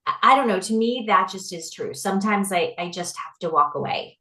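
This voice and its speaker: A woman's voice: medium pitch, brisk, pushed and bright. A woman hosting a podcast, chatting casually in an enthusiastic, affirming way. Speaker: podcast host. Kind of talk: casual conversation. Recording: roomy echo.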